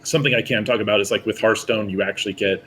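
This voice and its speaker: A man's voice: on the low side, fairly even intonation, very fast, fairly bright tone, slight background noise, low-quality recording. A man, a guest artist, talking candidly in a casual podcast chat, rambling and laughing often.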